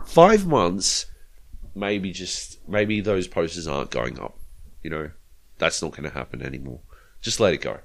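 An Australian man on a gaming podcast who talks in a fairly low voice with lots of swing in it. He rambles through his stories and swears freely along the way. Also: expressive, a little slow, creaky. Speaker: podcast co-host. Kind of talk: casual chat.

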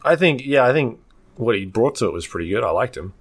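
A man co-hosting a podcast, laid-back and soft-spoken, mostly giving easygoing replies. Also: mid-range voice, animated, fast talker. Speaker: podcast co-host. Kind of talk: casual chat.

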